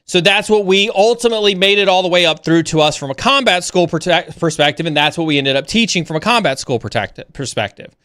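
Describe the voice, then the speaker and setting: Male stream host with a crisp, raised voice and a dry sound, who tells stories animatedly and often stops to restart. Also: no room sound. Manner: animated, rising pitch when excited; halting with frequent restarts. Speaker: livestream host. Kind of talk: casual storytelling.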